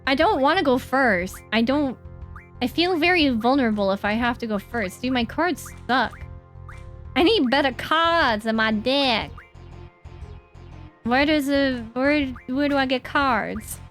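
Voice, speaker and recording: High-voiced woman streaming a game. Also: animated, unhurried, fairly bright tone, soft background music. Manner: playful, swears, reads game dialogue aloud. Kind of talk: casual gaming stream commentary.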